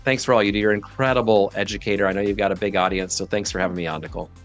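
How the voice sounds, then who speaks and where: A man's voice: lowish voice, fairly even intonation, very fast, soft background music. A man speaking as a guest financial advisor in a casual interview, direct and emphatic with blunt opinions.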